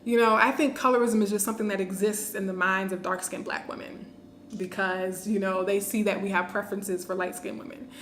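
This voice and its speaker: A man's voice: sits high, level tone, a little fast, a bit bright, reverberant, a little hiss or hum. A woman voicing a dismissive adult male radio caller who speaks in an offhand, explaining way.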